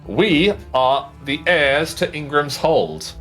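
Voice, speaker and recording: A man's voice: on the high side, expressive, slow pace, a bit bright, soft background music, voice pushed up. A man voicing a proud, boastful bearded dwarf heir who declaims grandly.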